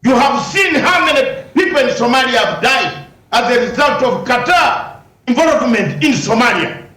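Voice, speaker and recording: A man's voice: very high voice, expressive, normal speed, bright, forceful tone, reverberant, poor audio. A man, a lawyer, arguing combatively in a heated news interview, firing rhetorical questions and raising his voice at times.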